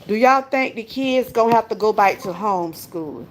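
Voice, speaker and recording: A woman's voice: mid-range voice, lively intonation, moderate pace, a little hiss or hum. An older woman, hosting a casual livestream, chatty and laughing often as she talks straight to her viewers. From Georgia, US. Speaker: livestream host.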